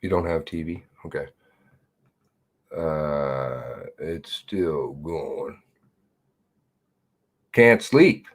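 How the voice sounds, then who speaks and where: A man's voice: extremely low pitch, extremely slow, a little mellow. A man hosting a live stream, chatting in a rambling way and reading viewers' comments and emails aloud, with blunt, casual swearing. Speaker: livestream host.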